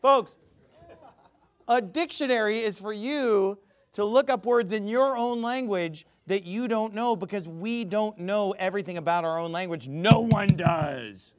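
A man's voice: high-pitched, moderate pace. A man giving a ranting commentary, emphatic and sarcastic, who often stammers and restarts his sentences. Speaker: religious commentator.

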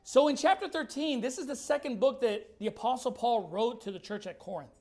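A man's voice: very high-pitched, warm tone. Emphatic male preacher asking rhetorical questions. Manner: reads scripture slowly and deliberately. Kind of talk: sermon with Bible reading.

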